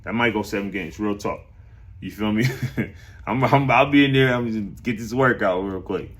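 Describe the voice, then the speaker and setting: A man's voice: on the low side, normal speed, a bit bright. A man hosting a casual sports talk stream, chatting loosely with viewers, rambling and repeating his phrases.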